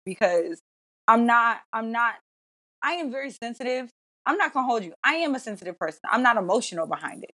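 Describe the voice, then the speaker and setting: A woman co-hosting a casual podcast, brash and profane, talking in an animated, teasing way. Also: mid-range voice, fast talker. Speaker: podcast co-host.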